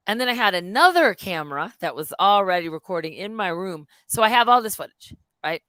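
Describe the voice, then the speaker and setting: A woman's voice: medium pitch, lively intonation, fast, hardly any pauses, fairly bright tone, no echo. A middle-aged woman on a casual live stream, telling a story with lots of energy, swearing freely and acting out what people said. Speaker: host.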